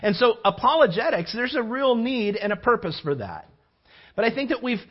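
A man preaching a sermon as a lively, rambling storyteller, full of restarts and asides. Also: sits high, slightly rough, highs cut off.

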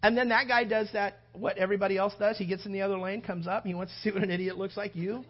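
A man's voice: sits high, quick pace, lo-fi sound. A male pastor preaching a sermon, acting out everyday scenes with playful shifting voices. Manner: animated, acts out little scenes with shifting voices.

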